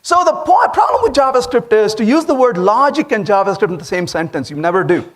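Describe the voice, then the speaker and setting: Indian guy giving a tech talk at a conference, really high voice, jumps all over the place. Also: fairly quick. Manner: animated storytelling, asks the audience questions. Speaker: conference speaker. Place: conference hall.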